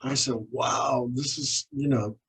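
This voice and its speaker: Gravelly and breathy at a medium pitch, his slow speech comes through a low-quality recording. The speaker, a paranormal investigator and author, is an interview guest who tells lively stories about his cases and plays out the quoted exchanges.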